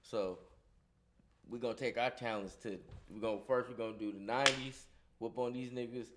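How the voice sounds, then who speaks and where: A middle-aged man co-hosting a gaming livestream in casual profane chat, loud and joking, repeating his greetings to the audience. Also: mid-range voice, steady tone, brisk.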